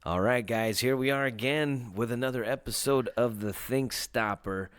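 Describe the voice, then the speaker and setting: A man with a medium-pitched, clear, resonant voice hosts a casual podcast at a moderate pace. The recording is dry with clean studio sound. He rambles loosely, full of hesitations, fillers and restarts.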